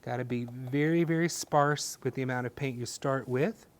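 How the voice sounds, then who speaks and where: Gentle-voiced male painting instructor. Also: medium pitch, normal speed. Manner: gentle, encouraging, folksy sayings. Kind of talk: step-by-step painting demonstration.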